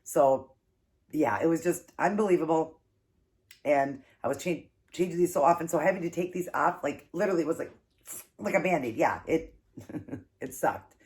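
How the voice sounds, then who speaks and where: A woman's voice: sits low, normal speed, darkish tone. Chatty woman telling a funny story. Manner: chatty, laughing through an embarrassing story. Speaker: vlogger hosting an eating show. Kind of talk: casual storytelling while eating.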